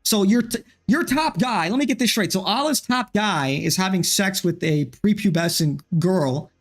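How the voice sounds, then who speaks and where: A man's voice: sits high, normal speed, faint music behind. A man ranting on a livestream in a heated, frustrated way, swearing often. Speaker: streamer. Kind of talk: livestream commentary rant.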